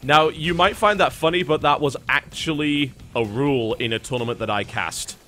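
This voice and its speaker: Bright-voiced esports caster, wry. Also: male voice, on the high side, moderate pace, soft background music. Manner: wry, talkative play-by-play. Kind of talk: live game commentary.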